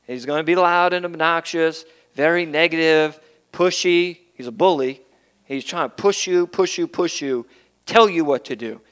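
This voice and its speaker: A man preaching a casual, conversational sermon, moving between quiet asides and loud, emphatic passages. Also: on the high side. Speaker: pastor.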